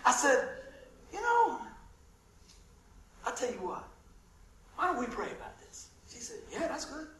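A male pastor telling a lively story in a sermon, acting out the dialogue and laughing often. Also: very high-pitched, unhurried, reverberant, crowd noise, rough recording.

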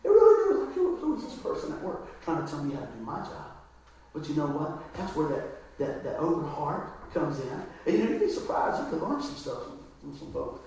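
A man's voice: a little high, wildly swooping pitch, fairly quick, darkish tone, a little hiss or hum. A man preaching a conversational sermon in a church, often asking the crowd "right?". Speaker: pastor. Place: church hall. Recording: echoey hall, voice from far off.

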